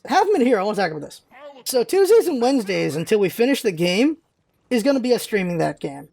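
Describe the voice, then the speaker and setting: A man's voice: high-pitched, sing-song, quick pace, creaky, a little mellow. A man hosting a casual vlog, rambling loosely with many fillers and restarts. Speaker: vlog host. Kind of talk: casual chat.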